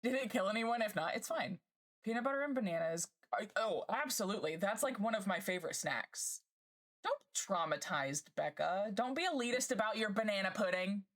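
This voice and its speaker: A woman streamer chatting casually with her live chat, bubbly and gushing and quick to laugh. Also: medium pitch, expressive, fairly bright tone.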